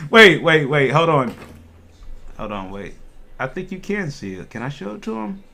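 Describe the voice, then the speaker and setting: A man from Ohio, his voice on the high side with audible vocal fry, hosts an easygoing cannabis stream. He chats with viewers in an animated way and keeps breaking into laughter.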